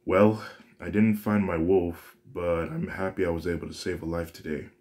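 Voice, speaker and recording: An earnest, gentle young hero from a fan-made story, soft-spoken and sincere, voiced by a deep-voiced man close to his own voice. He talks quietly and apologetically. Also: fairly even intonation, moderate pace, close to an everyday voice.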